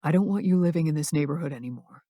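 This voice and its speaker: A woman narrator voicing a gruff, protective wealthy man, lowering her voice into a firm, low tone. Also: fast, mellow, no echo, studio quality. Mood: insistent. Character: gruff protective billionaire man, young adult.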